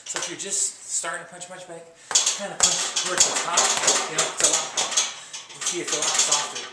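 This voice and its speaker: A man's voice: a little high, fairly even intonation, brisk. A man giving a casual, rambling how-to lesson on hitting a punching bag, full of fillers, sometimes talking through bursts of effort, recorded on a camera mic at a distance. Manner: rambling, loose, full of fillers and "you know". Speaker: amateur fitness instructor. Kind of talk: casual how-to video demonstration. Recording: echoey room with loud clattering noise.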